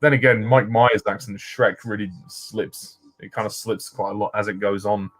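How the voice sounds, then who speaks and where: A man giving a casual film commentary, jokey and quick with quips. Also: lowish voice, steady tone, fairly bright tone.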